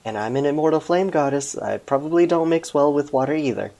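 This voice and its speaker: A man voicing a relaxed young female fire goddess in a game, in a near-everyday voice. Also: a little high, brisk, gravelly.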